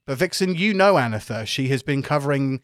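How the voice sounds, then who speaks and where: A man narrating a tabletop game as game master in a relaxed, hesitant way. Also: mid-range voice, a little fast, no room sound, clean studio sound.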